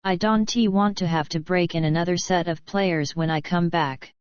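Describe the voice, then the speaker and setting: A woman's voice: lowish voice, fairly even intonation, normal speed, darkish tone, clear, resonant tone, no room sound, muffled recording, close to an everyday voice. A woman reading the part of Jansen, a confident, joking male team leader, in an audiobook. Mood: easy, joking.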